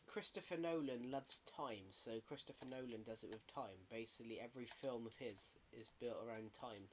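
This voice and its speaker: Man, gaming streamer, chatty and rambling, mid-pitched voice, faint keyboard clicking. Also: a little fast, slight background noise. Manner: rambling, self-correcting, chatty. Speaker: gaming livestreamer. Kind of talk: casual livestream chat while gaming.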